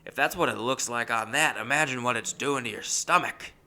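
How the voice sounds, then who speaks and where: A man's voice: mid-range voice, a little fast, bright, forceful tone. A man voicing an eighty-one-year-old, hard-of-hearing roommate who is spry and chatty and hands out blunt, offhand advice.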